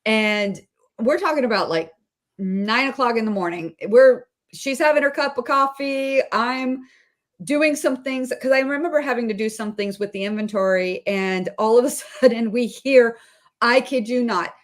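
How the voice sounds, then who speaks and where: Woman, a bit high-pitched, animated, laughing, swears freely, casual chat. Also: normal speed. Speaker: guest.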